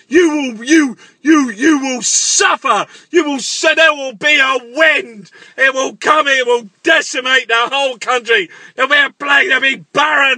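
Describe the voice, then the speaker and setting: A man in a frantic, shouting comic rant, swearing and repeating himself. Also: very high voice, no echo.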